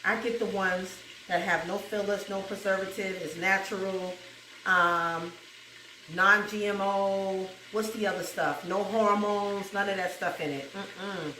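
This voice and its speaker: A woman's voice: medium pitch, fairly even intonation, measured pace, bright, forceful tone, far from the mic, slight background noise. A woman with a New York accent hosting a home cooking video, chatting casually, laughing often and breaking into gospel song. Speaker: cooking show host. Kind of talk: casual cooking chat with bursts of gospel singing. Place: home kitchen with food frying. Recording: roomy kitchen audio from off-mic.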